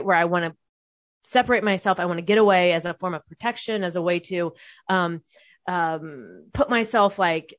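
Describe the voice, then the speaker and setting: A young woman vlogging speaks in a mid-range voice, recorded without echo, as she relates a personal experience to her viewers. She stays candid and conversational, swears without hesitation, and often restarts what she's saying.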